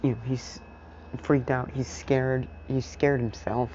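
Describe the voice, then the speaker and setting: A man's voice: mid-range voice, flat delivery, slow pace, a little mellow, highs cut off, slight background noise. Rambling young man telling a fan story. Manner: leans heavily on "you know", rambling. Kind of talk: casual improvised story narration.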